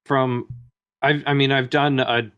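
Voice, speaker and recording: A man's voice: mid-range voice, flat delivery, measured pace, fairly bright tone, smooth, lo-fi sound. A man co-hosting a casual gaming podcast, jokey and laughing between lines. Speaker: podcast co-host.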